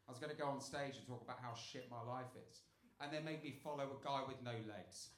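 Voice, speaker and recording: A man doing a stand-up set on a club stage into a handheld mic, telling dark jokes deadpan, dropping low for setups and getting loud on punchlines. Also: quick pace. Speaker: stand-up comedian. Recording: echoey club with room noise.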